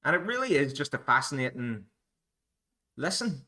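A man's voice: medium pitch, very animated, moderate pace, bright, forceful tone. A Northern Irish man hosting a solo podcast, musing in a rambling, digressive, self-deprecating way. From Northern Ireland. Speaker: podcast host.

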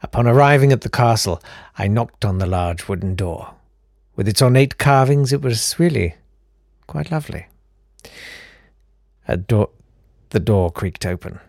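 Husky British man reading deadpan comedy. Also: on the low side, a little slow, pauses often, dry recording, studio quality. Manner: deadpan, mock-grand narration. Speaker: storyteller. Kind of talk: comic story reading.

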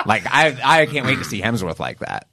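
A man's voice: moderate pace, gravelly. A man co-hosting a podcast in casual chat, rambling with lots of filler words. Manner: rambling, lots of filler, jumps in pitch when excited. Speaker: podcast co-host.

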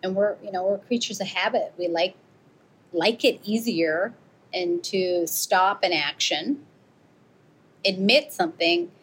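A woman's voice: mid-range voice, measured pace, slight background noise, poor audio. A middle-aged American woman, an avalanche rescuer and author, telling her story in an interview and acting out the quoted exchanges. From United States. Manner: animated, acts out quoted exchanges.

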